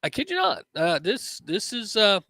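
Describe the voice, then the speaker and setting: A man's voice: sits high, huge pitch swings, normal speed, vocal fry, sharp tone, dry recording. A man giving casual commentary to his viewers, loose and full of fillers.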